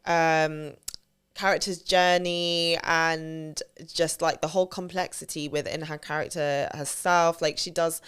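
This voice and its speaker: British girl hosting a podcast, really low smooth voice, super enthusiastic. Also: little pitch movement, unhurried, a bit bright. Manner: enthusiastic, gushing praise. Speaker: podcast co-host. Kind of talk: casual podcast chat.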